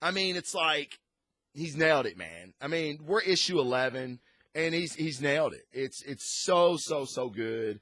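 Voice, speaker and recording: A man's voice: on the high side, expressive, a little slow, a bit bright, no echo. Man, casual comic review chat, enthusiastic rambling, dry close-miked voice. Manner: rambling and enthusiastic, frequent restarts. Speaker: comic book reviewer, show host.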